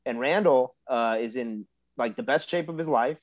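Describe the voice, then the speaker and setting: A man in casual podcast chat, telling relaxed stories with lots of fillers as a guest. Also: mid-range voice, moderate pace, highs cut off. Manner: relaxed, laid-back storytelling with lots of fillers. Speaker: podcast guest, pro wrestler.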